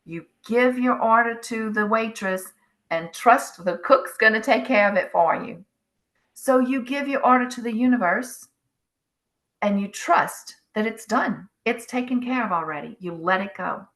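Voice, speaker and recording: A middle-aged woman speaks slowly and gently as she guides listeners through letting go of their frustration. Her tone is bright and forward. Now and then she slips into the voice of someone's inner thoughts. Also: a little high. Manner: slow, soothing, acts out inner voices. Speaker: spiritual wellness channel host. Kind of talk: guided self-help talk.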